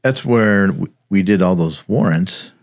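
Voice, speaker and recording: Speaking at a measured pace and low in pitch, a retired homicide detective, middle-aged and from around Los Angeles, rambles through stories during casual podcast talk. His manner is easygoing, heavy on filler words.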